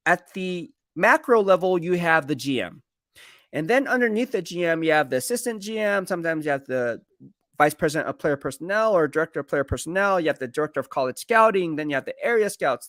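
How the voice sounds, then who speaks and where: Rambling, chatty man with a higher voice. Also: animated, a little fast, fairly bright tone, dry recording, clean studio sound. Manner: rambling, conversational, self-correcting; reads viewer comments aloud. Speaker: sports beat writer streaming live. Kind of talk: casual live-stream analysis.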